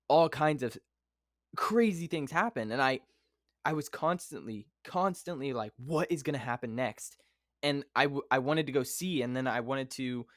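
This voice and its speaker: A man's voice: mid-range voice, no room sound, clean studio sound. A man hosting a podcast in casual chat, rambling and acting out his own reactions. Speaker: podcast host.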